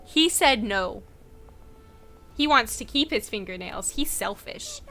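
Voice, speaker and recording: Irish woman, gaming host, wry chatty asides, high bright voice. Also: expressive, takes it slowly, long pauses, soft background music. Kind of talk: reading game text aloud with commentary.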